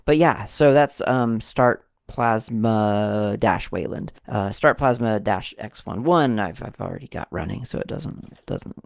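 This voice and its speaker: Man, low-pitched, thinking aloud, dry close recording, casual walkthrough. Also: measured pace, vocal fry, hardly any pauses, no echo. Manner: rambling, self-correcting, thinking aloud. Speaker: tech video host.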